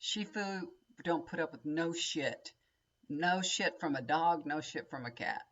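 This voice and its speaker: A woman's voice: low-pitched, expressive, a little slow, fairly bright tone, dull audio. Chatty woman, rambling home vlog. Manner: chatty, folksy, addresses viewers as y'all, frequent laughs and asides. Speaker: tarot reader and vlogger. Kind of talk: rambling casual chat to viewers.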